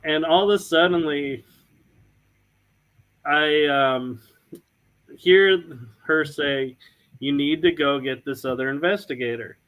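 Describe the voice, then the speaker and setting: An American man recounts a story at an unhurried pace in a friendly podcast chat. His voice sits a little high, and he leans into the story by playing out each quoted exchange. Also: rough recording. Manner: animated anecdote-telling, acting out quoted dialogue with repeated "I was like". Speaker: paranormal investigator, podcast co-host.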